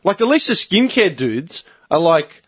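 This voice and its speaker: A young man, a podcast host telling animated stories in casual chat, swearing often and acting out other people's lines. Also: on the high side, measured pace, husky. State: tired from early work.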